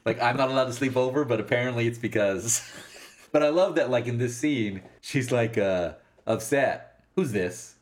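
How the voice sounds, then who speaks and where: A man's voice: medium pitch, moderate pace, slight background noise. A man in casual conversation, enthusiastically talking through scenes of a film and acting out the characters' lines. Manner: enthusiastic, acts out quoted lines in voices. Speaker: podcast co-host. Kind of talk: casual movie discussion.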